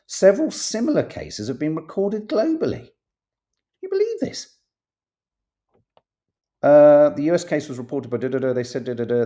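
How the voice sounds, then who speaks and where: A man's voice: mid-range voice, dark tone. A middle-aged man hosting a casual live-stream chat, reading out newspaper stories and viewer comments with jokey, playful asides. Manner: jokey, chatty, with playful asides while reading headlines aloud. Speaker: host.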